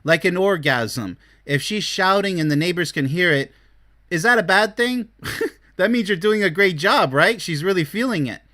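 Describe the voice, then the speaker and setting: Excitable blunt male relationship host. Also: sits high, normal speed. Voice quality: bright, lively voice. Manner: excitable, blunt, swings between loud bursts and mocking mumbles. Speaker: relationship expert and show host. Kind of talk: animated solo commentary.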